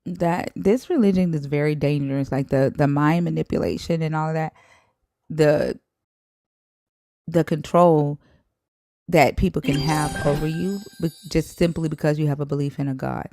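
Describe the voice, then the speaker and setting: Low-voiced woman hosting a live stream. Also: steady tone, normal speed, warm tone, no room sound, studio quality. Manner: blunt, frank, with restarts. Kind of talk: casual live stream chat.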